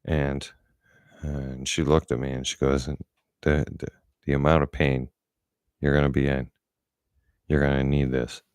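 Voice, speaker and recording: A man's voice: a bass voice, little pitch movement, unhurried, pauses often, a little mellow, smooth, no room sound, studio quality. A middle-aged man telling a story in a blunt, profane, angry way, as a casual vlogger.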